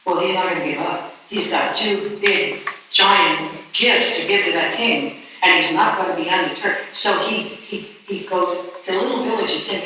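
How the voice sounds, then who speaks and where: A woman telling a story as a sermon in a church hall, animated and dramatic, often restarting her words. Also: on the low side, moderate pace. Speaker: speaker. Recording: echoey distant hall with faint noise.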